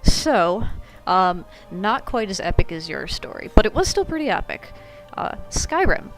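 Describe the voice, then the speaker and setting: A woman's voice: mid-range voice, a little slow, soft background music, rough recording. Dry, teasing woman on a gaming podcast. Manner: relaxed, dry teasing humor, rambling storyteller. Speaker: podcast co-host. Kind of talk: casual gaming podcast chat.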